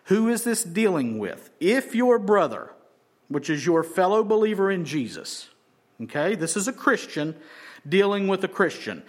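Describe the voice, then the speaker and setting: A man preaching an expository sermon, emphatic and repeating phrases for stress, slowing down on key words. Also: sits high, big pitch swings. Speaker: pastor.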